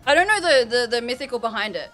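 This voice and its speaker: Answering her chat over a headset mic, a young Australian woman rambles casually while streaming a game. She speaks fast and animatedly in a fairly high, fairly bright voice, with soft music behind her.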